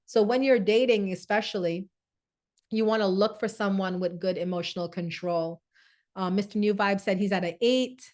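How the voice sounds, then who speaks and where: A woman's voice: medium pitch, normal speed, darkish tone. A woman hosting a live-stream wellness talk, chatty, answering viewer comments and often asking "right?". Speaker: host.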